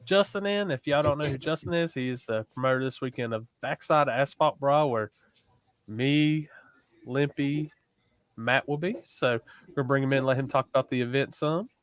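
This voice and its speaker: A man's voice: mid-range voice, moderate pace, smooth, dry recording, rough recording. Laid-back man hosting a chat show. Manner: laid-back, introduces guests and asks questions. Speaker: host. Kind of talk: casual podcast chat.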